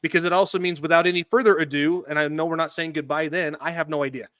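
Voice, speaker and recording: A man's voice: a little high, steady tone, quick pace, fairly bright tone, clean tone, no room sound. Dry-sounding chatty male podcast host. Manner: chatty, laughing asides, reads documents aloud. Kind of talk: casual podcast chat.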